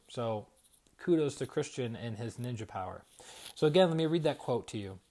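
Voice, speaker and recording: A middle-aged man coaching on energy healing during a live stream. His pitch sits in the middle of the range for a man. He speaks in a relaxed, conversational way and often stops to ask his audience "right?". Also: a little fast. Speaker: spiritual coach and energy healer. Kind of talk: live-streamed motivational talk.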